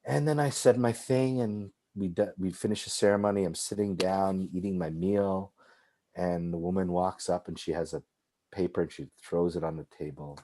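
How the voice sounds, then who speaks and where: A man with a lowish, warm and mellow voice tells a personal story in conversation. His delivery is animated, full of casual "like"s and restarts. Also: normal speed, a little hiss or hum. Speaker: filmmaker guest.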